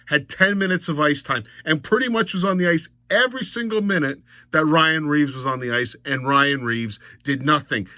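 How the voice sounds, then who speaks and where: A man's voice: a little high, bright, forceful tone, no echo. Blunt mocking male hockey fan. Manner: blunt, mocking, rising to exasperated outbursts. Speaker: hockey commentator. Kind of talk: fan recap monologue.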